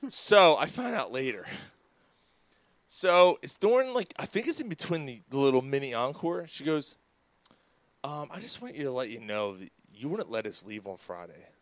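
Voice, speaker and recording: In a dry studio recording, a man with a medium-pitched voice co-hosts a casual sports talk show at normal speed. He's very animated, rambling through a long, profane story and acting out the dialogue of the people he quotes.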